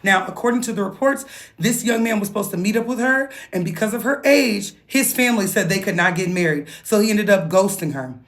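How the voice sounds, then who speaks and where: A woman talking through a viral news story in a playful, animated gossip style, with exclamations and laughter. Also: medium pitch. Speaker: vlogger. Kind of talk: casual gossip commentary.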